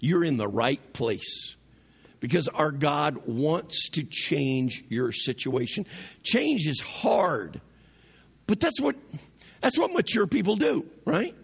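Gravelly husky preacher man, lively pitch. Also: slow pace. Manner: conversational preaching, asks the congregation questions. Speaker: pastor. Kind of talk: sermon. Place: church sanctuary.

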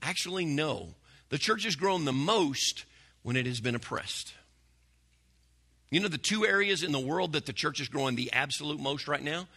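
A man preaching a sermon to a church congregation, folksy and conversational, often dropping to a hush. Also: a little high, lively intonation, moderate pace, slightly rough. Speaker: pastor.

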